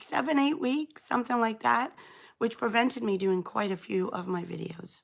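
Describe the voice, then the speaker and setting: A middle-aged woman from England, hoarse and croaky after an illness, chatting casually and rambling as she hosts a live knitting stream and greets viewers by name. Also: a little high, moderate pace. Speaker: knitting channel host.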